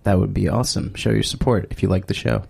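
A man co-hosting a radio talk show, speaking quickly and matter-of-factly. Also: on the low side, fairly even intonation, gravelly, a little mellow, slightly rough. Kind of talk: casual chat.

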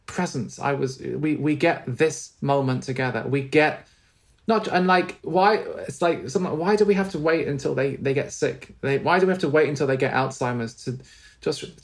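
Man, middle-aged, interview guest, earnest, tender, repeats and restarts. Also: a little high. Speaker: guest, spiritual teacher. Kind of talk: reflective interview storytelling.

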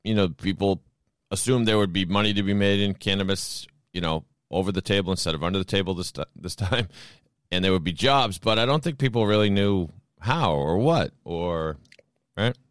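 A man's voice: sits low, normal speed, clean tone, no echo, studio quality. A man co-hosting a podcast, listening attentively and adding supportive remarks in casual conversation. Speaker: podcast co-host.

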